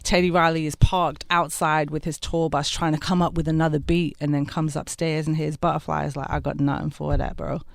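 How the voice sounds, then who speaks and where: A woman in her thirties, a singer telling stories as a radio interview guest, lively and laughing. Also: deep voice, brisk, hardly any pauses, no echo. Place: radio studio.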